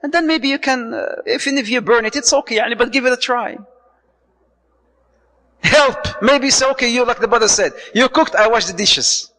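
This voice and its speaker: A man giving a lively marriage lecture to an audience, acting out little dialogues and mixing in Arabic phrases. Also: very high voice, normal speed, in a large hall, low-quality recording. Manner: animated, acts out dialogue, mixes Arabic phrases, joking. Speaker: Islamic speaker.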